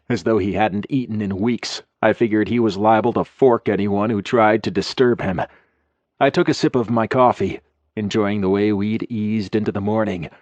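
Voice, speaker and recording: A man's voice: fairly low pitch, dry recording, highs cut off. A man reading a first-person romance audiobook in a wry, conversational way, close to the mic. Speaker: audiobook narrator.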